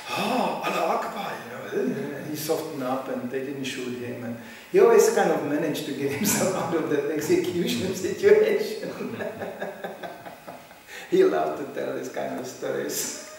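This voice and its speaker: Animated man preaching in an echoing hall. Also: fairly high pitch, moderate pace, creaky. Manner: animated, acts out what people say in little voices; chuckles often while telling stories. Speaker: spiritual teacher giving a scripture class. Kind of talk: informal sermon with storytelling. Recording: roomy hall, mic at a distance, faint background hum.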